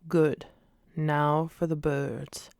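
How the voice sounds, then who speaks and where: A woman voicing an old, earnest, tender male bear teacher in a whispered role-play, speaking fuller and drawn-out. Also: low-pitched, flat delivery, creaky, a little mellow, smooth, dry recording, clean studio sound, exaggerated voice.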